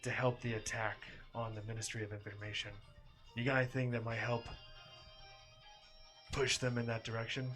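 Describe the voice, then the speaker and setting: A man playing a masked man searching for his lost brother in a tabletop role-play, speaking in a measured, hesitant way. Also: medium pitch, level tone, a bit bright, faint music behind, close to an everyday voice. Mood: earnest.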